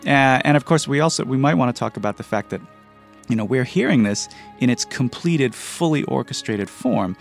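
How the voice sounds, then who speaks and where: A man's voice: medium pitch, lively intonation, normal speed, gravelly, faint music behind. A man, a composer, being interviewed and explaining how he writes, thoughtful in manner, counting beats and humming rhythms aloud. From United States. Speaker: composer guest.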